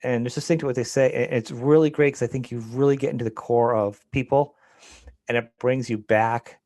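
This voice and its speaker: A man hosting a podcast in a casual, enthusiastic and rambling way, quick to laugh. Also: medium pitch, fairly even intonation, a little mellow, dry recording, studio quality. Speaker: podcast host. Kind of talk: casual chat.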